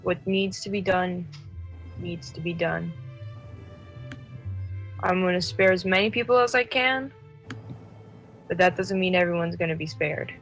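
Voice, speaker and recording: A woman's voice: lowish voice, unhurried, long pauses, fairly bright tone, soft background music, rough recording. A woman playing a stern, resolute rebel fighter in a tabletop game, talking bluntly and matter-of-factly. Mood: grim. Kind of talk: in-character tabletop role-play.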